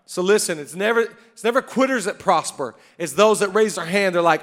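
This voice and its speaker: Male pastor, 30s, high voice, fervent sermon delivery, rallying repetition. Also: brisk, hardly any pauses, a bit bright. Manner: fervent, repeats rallying lines.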